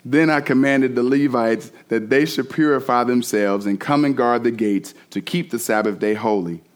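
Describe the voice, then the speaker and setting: A man's voice: medium pitch, normal speed. A man preaching a sermon as pastor, reading scripture and then speaking animatedly, restarting phrases and acting out quotes.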